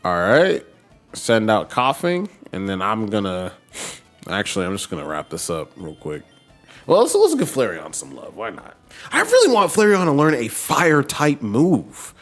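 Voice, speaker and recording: A man's voice: fairly low pitch, huge pitch swings, moderate pace, fairly bright tone, faint music behind. A man streaming a game, chatting casually as he plays and talking to his team and viewers. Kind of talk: casual gameplay commentary.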